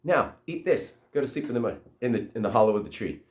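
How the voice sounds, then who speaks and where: A man's voice: medium pitch, lively intonation, quick pace, close to an everyday voice. A man voicing a patient male guide who gives step-by-step instructions. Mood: instructive. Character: steady male guide with a stone hand. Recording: roomy echo.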